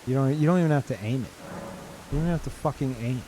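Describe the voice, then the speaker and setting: A man streaming a game with live commentary, swearing and incredulous, jumping between loud outbursts and low mutters. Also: rapid-fire, background noise.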